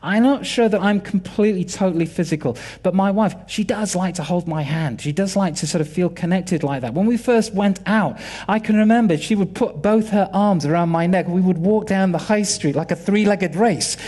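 A man's voice: high voice, moderate pace, dark tone. A British man in his forties giving a sermon, telling personal family stories and acting out quoted dialogue with animation.

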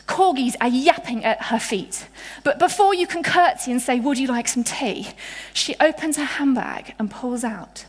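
A young woman from England preaching with a high voice. She talks in a chatty, playful way, full of asides and vivid storytelling. Her voice carries a long echo, as in a large hall. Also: expressive, moderate pace, husky. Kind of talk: sermon. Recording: reverberant hall.

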